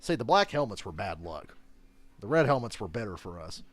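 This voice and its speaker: Animated, swearing man reacting live. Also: on the low side, fairly quick. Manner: profane, laughing, excitable banter. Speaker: streamer reacting to a live game. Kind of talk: casual live reaction chat.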